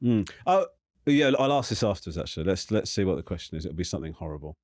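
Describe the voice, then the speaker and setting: A man in his forties hosts a relaxed chat with a low voice that swings up and down a lot. He talks in a self-deprecating way with stumbling restarts, recorded close and dry. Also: fast, no echo. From England. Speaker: host. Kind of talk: casual chat.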